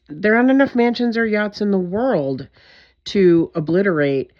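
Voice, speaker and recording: A woman's voice: extremely low pitch, a little mellow. Intense, emphatic woman on a muffled recording. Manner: intense, emphatic, swearing, frustrated. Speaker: vlogger. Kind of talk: direct-to-camera monologue.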